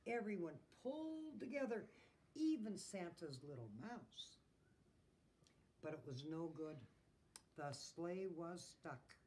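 A woman's voice: fairly low pitch, takes it slowly, pauses often, slight background noise. A woman, a teacher, reading a picture book aloud to children and asking them questions. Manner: expressive, asks the listeners questions.

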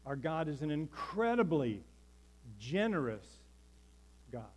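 A man's voice: fairly high pitch, very animated, takes it slowly, a little mellow, rough recording. Emphatic preaching pastor, man. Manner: emphatic preaching, calls for congregation response. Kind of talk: sermon. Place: church sanctuary.

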